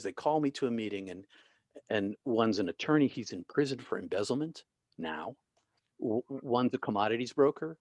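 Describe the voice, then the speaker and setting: A middle-aged man telling a long personal story in an interview, animated, with many restarts and acted-out quotes. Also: mid-range voice, dry recording. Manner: animated, restarts often, acts out quoted people. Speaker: guest, author and former minister.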